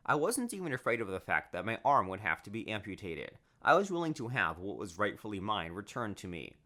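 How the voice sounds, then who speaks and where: A man giving scripted first-person narration for an animated story, in a lively, animated way. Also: fairly low pitch, brisk.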